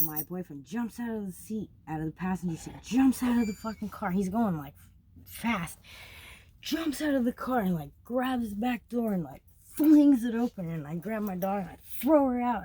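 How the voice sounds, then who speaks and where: A young woman telling a story of her travels in a casual, blunt, heavily profane way, getting animated as she relives it. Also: mid-range voice, slightly rough.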